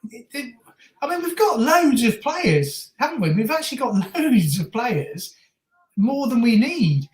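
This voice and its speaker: A woman with a very lively, up-and-down voice, heard in a roomy, echoey space. She chats and laughs through a football reaction stream, shouting at the big moments. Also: fairly high pitch, measured pace. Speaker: stream co-host. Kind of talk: casual football watch-along chat. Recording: roomy echo.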